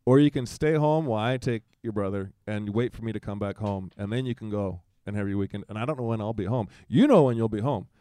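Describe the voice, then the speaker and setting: A man's voice: lowish voice, quick pace, hardly any pauses, warm tone, no room sound. A man in his forties, a guest in a casual conversation, telling a personal story and acting out quoted dialogue in livelier voices, with frequent restarts.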